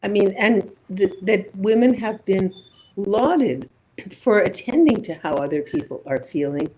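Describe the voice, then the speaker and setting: A woman's voice: medium pitch, expressive, unhurried, background noise. A woman psychologist being interviewed, building her points thoughtfully through examples and rhetorical questions. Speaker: psychologist guest. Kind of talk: reflective interview conversation.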